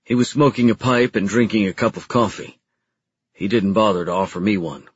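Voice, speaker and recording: A man's voice: lowish voice, fairly quick, husky, no room sound, lo-fi sound. A man narrating a first-person audiobook in a plain, matter-of-fact way.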